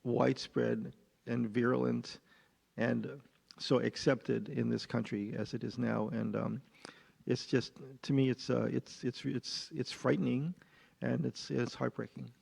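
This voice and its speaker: Halting male participant, husky and monotone, in a reverberant hall. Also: medium pitch. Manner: halting, repeats words. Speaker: class participant. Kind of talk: group discussion.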